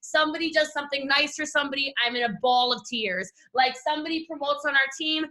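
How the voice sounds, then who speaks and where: Brief: high-pitched Southern woman, bright tone, gushing team-leadership pep talk from home. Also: fast talker. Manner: animated, gushing, talks straight to listeners. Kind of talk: energetic motivational talk on a call. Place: at home desk. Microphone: video call.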